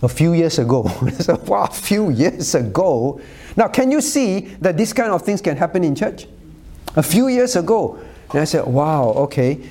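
Male pastor, Cantonese first language, animated sermon delivery, pitch moves a lot, teasing asides. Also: moderate pace. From Cantonese-speaking Chinese community. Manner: animated, teasing asides with frequent "all right?" check-ins.

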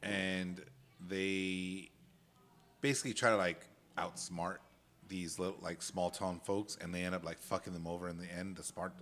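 A man's voice: low-pitched, flat delivery, moderate pace, a bit bright. A man with a Californian accent, co-hosting a podcast in casual, rambling chat full of fillers and restarts. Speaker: podcast co-host.

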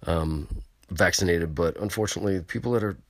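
A man with a low voice hosts a casual chat show from California, talking fairly quickly with no echo. Recorded on location, he rambles to his listeners in a boastful, crude way.

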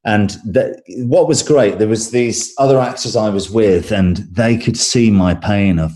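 A man with an English accent, an actor being interviewed, talking in a relaxed way with fillers and repeated words. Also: on the low side, unhurried, hardly any pauses. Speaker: actor guest. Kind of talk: casual interview chat.

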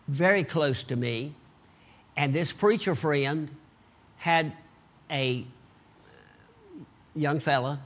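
An older man preaching a sermon, swinging from loud bursts to low asides.

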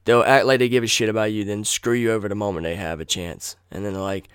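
A man's voice: on the low side, fairly even intonation, fast, clean tone, no room sound, clean studio sound. Man ranting angrily on a podcast. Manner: angry, profane, blunt ranting. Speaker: podcast host. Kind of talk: solo podcast rant.

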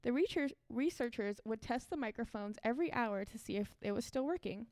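A woman's voice: a little high, expressive, brisk, darkish tone, no echo. A woman co-hosting a casual podcast, reading a creepy story aloud with fillers and frequent laughs.

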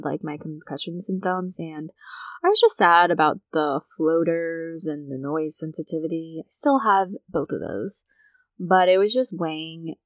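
A woman's voice: low-pitched, dry recording, clean studio sound. A woman in her twenties, hosting a casual solo podcast, talking candidly and bluntly with frequent swearing. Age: 20s. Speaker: podcast host.

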